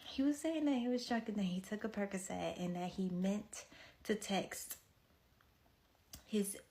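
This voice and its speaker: A woman telling a personal story in a blunt, candid way, halting often with fillers. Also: medium pitch, darkish tone. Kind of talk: casual storytime.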